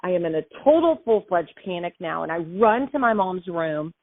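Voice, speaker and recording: A woman's voice: lowish voice, moderate pace, no room sound. Woman telling a story over a tinny line. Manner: emotional, animated retelling. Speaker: host. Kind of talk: casual storytelling monologue. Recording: dry tinny phone-like sound.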